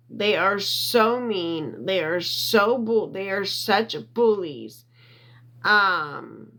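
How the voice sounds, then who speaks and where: A woman livestreaming from her phone, reading viewer comments, getting worked up and loud, repeating herself and defending her character. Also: mid-range voice. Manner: reads and answers viewer comments. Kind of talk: emotional livestream chat.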